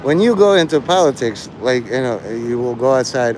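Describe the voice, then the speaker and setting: A man's voice: mid-range voice, expressive, normal speed, hardly any pauses, darkish tone, a little hiss or hum, low-quality recording. A man rambling through a profane live-stream monologue, jumping from topic to topic. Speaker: livestreamer.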